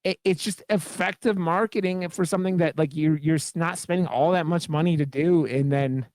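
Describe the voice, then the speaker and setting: Man, podcast co-host, slightly high voice, rambling and profane, dry close sound. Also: moderate pace, darkish tone, dry recording. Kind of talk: casual podcast chat.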